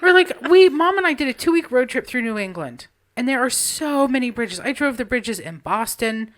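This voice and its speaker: A woman's voice: high voice, moderate pace. Chatty woman telling a story. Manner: animated storytelling, frequent swearing. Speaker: podcast co-host. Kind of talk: casual chat.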